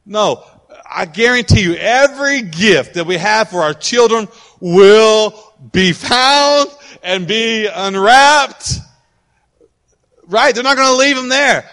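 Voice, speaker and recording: A man's voice: high-pitched, measured pace. A man preaching as a pastor, telling a story and acting out the voices of the people in it. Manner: animated, acts out voices of people in his stories. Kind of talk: sermon with storytelling. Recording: long hall reverb with loud music behind. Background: musicians playing.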